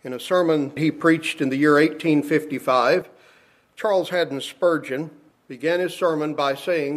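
Man, sermon, slightly high voice, measured, emphatic, scripture reading. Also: fairly even intonation. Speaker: preacher.

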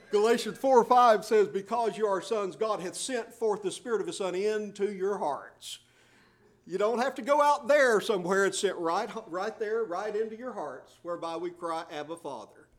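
Delivering a sermon with a somewhat high voice, this middle-aged pastor is expressive and moderate in pace. He stresses his points forcefully, alternating his own commentary with scripture read in archaic language.

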